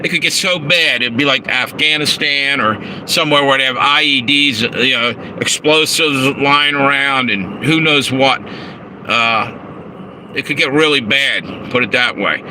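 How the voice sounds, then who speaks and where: A man's voice: mid-range voice, a little slow. A man rambling and swearing on a casual livestream from his phone in a parked car, reading out chat messages and chuckling at his own asides. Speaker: live streamer. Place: inside a parked car with air conditioning running. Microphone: handheld phone. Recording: noisy phone audio in a car. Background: car engine and air conditioner hum.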